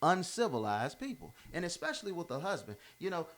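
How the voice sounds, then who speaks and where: A man's voice: a little high, sing-song, a little fast, fairly bright tone. A man giving an unscripted motivational monologue, emphatic and informal, often repeating himself and restarting phrases. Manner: informal, drops verbs. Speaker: commentator giving life advice.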